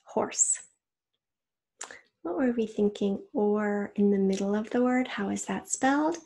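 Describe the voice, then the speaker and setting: Woman, teacher, spelling test dictation, slow and careful, husky, slightly gravelly. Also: a little high, darkish tone. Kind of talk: recorded spelling test for children.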